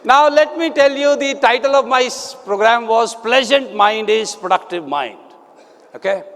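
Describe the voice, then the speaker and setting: High-voiced seminar speaker in a hall. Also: male voice, normal speed. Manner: energetic, rallies the audience with questions and calls. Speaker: motivational speaker. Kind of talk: live motivational seminar. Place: large seminar hall with a live audience. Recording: long hall reverb.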